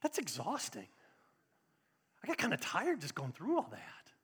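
A male pastor preaching a lively live sermon to his congregation. He talks straight to them and climbs to emphatic peaks. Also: high-pitched, a little slow, breathy edge. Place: church sanctuary with congregation. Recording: reverberant church hall.

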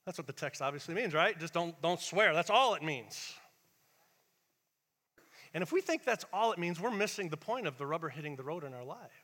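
A male pastor preaches a Sunday sermon in an animated, conversational way, acting out the voices of those he quotes and shifting from loud bursts to hushed asides. His voice sits on the high side, he talks a little fast, and the sound has a big-room quality.

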